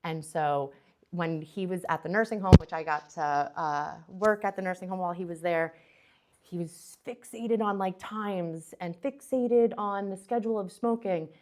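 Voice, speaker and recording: A young adult woman with a slightly low voice gives a conference talk. She speaks casually, and her sentences are full of fillers, restarts and quick asides to her listeners. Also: a little hiss or hum. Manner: chatty, many fillers and restarts. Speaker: presenter.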